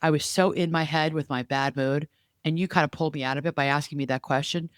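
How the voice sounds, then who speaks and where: Middle-aged woman, low voice, animated podcast chat, dry close sound, home podcast room. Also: quick pace, clear, resonant tone, dry recording. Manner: animated, reflective, many asides. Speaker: podcast co-host and coach.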